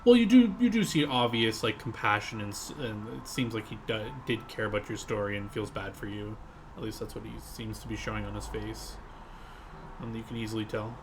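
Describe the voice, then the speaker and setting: A man's voice: on the low side, brisk, noisy background. A man running a tabletop game, narrating in a loose, rambling way with many fillers. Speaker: game master.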